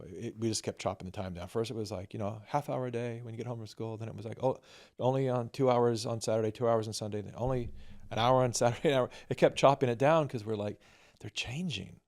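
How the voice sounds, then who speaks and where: A middle-aged man, a filmmaker guest, telling animated family anecdotes and acting out the dialogue. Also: medium pitch, quick pace. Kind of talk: storytelling in conversation.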